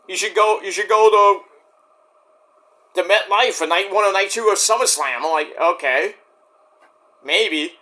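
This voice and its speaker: Man in a casual rant vlog, rambling and profane, bright higher voice. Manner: rambling, profane, many restarts. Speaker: vlogger.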